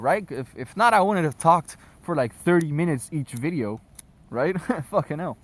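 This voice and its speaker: A man's voice: fairly high pitch, lively intonation, moderate pace. Profane man rambling outdoors. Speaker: vlogger. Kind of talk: casual rambling rant to camera. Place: outdoors at sunset. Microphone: phone.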